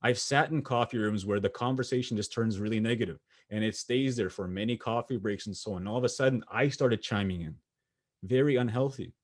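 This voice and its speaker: A young adult man from Canada giving a motivational keynote, telling personal stories in an earnest, pausing way with small restarts. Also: on the low side. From Sweetgrass First Nation, Saskatchewan, Canada. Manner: earnest storytelling with pauses and restarts. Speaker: motivational speaker. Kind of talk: keynote speech.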